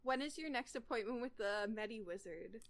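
A woman's voice: fairly high pitch, animated, moderate pace. A woman reading the lines of a doting young male wizard in her own plain American-sounding voice, with no accent attempt, in a casual fan fiction reading. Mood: tender. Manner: gives up on a British accent, reads in plain voice.

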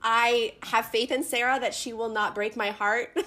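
A woman co-hosting a book podcast, telling a funny scene in an animated, giggly way. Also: on the high side, normal speed. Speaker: podcast co-host. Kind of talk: casual chat.

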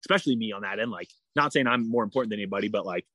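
A man's voice: fairly low pitch, racing, bright, forceful tone, no room sound. A man telling a long personal story in a casual interview, full of fillers and restarts. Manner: rambling, frequent "like" and "you know" fillers. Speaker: endurance athlete guest.

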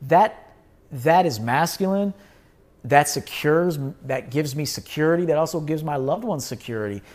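A man's voice: on the high side, animated, moderate pace, a little mellow. A man hosting his own show, talking in a blunt, emphatic monologue, swearing and repeating himself for force. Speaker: podcast host. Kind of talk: casual livestream monologue.

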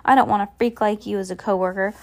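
A man's voice: high voice, steady tone, quick pace, vocal fry. A woman reading aloud as a scornful bald henchman.

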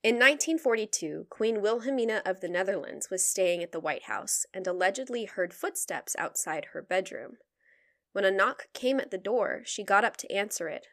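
A young woman hosting a podcast, recounting history at an ordinary middle pitch. She reads from her research in a relaxed, conversational manner and keeps slipping into playful asides and easy laughter. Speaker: podcast co-host telling the story. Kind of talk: casual chat, reading researched history.

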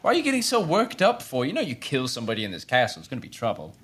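A man voicing a brash, dismissive male castle recruit who brushes things off in a high, strained voice. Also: wildly swooping pitch, rapid-fire, a bit bright, breathy edge, heavily acted.

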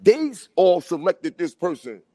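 A man in casual chat, talking in an animated, street-style way and often asking "you know what I'm saying". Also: sits high, unhurried, breathy edge, no echo.

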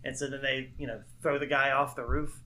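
Bright-voiced man doing movie quotes. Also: medium pitch, fairly quick, slight background noise. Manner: animated, acts out movie quotes in put-on voices, laughs often. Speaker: podcast co-host. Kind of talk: casual chat.

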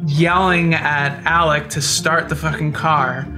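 Low-voiced woman telling a story slowly. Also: over music. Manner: relaxed, acts out quoted voices. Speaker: guest storyteller. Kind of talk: casual anecdote telling.

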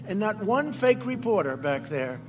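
A man giving a campaign rally speech on a stage microphone, boastful and mocking, repeating himself and often shouting. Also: high voice, sing-song, normal speed, over music. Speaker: political speaker at a rally. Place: large rally before a crowd.

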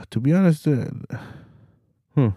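A man's voice: fairly high pitch, lively intonation, slow pace, dark tone, slightly rough, dry recording, studio quality. A young adult man hosting a podcast, delivering a laid-back, slangy, profane monologue with laughs between points. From Hispanic community in the US. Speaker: podcast host.

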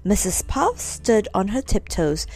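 A woman narrating a children's storybook with gentle, expressive reading. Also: medium pitch, a little slow, breathy edge.

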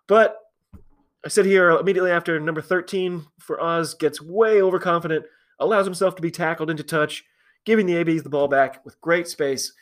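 A man's voice: on the high side, brisk. A man hosting a solo podcast, chatty and opinionated, with frequent fillers and restarts. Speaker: podcast host. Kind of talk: casual solo commentary.

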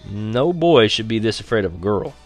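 A man voicing a dry, steady suburban father with a low, measured delivery. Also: soft background music.

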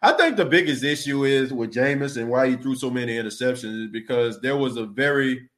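A man with an ordinary, mid-pitched voice hosts a relaxed sports podcast. His talk is loose and conversational, full of repeated words and asides of "you know" and "man." He stops now and then to read out and answer comments from listeners. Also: brisk. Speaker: podcast host.

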